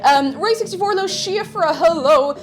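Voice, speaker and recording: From her home kitchen, a young woman hosts a live cooking stream, greeting her chat in a bubbly, sing-song way. Her voice is very high at a normal speed, and faint music plays in the background.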